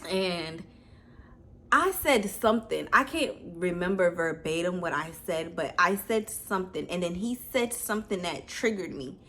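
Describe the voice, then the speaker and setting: A woman's voice: on the low side, animated, a little slow, pushed and bright. A woman vlogger telling a personal story in a casual storytime video, blunt and candid.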